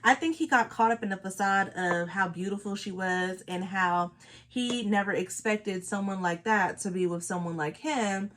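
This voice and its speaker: A woman's voice: mid-range voice, normal speed, a bit bright, slight background noise. A woman from Los Angeles, a beauty vlogger chatting casually while doing her makeup, emphatic and repeating her points. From Los Angeles, California.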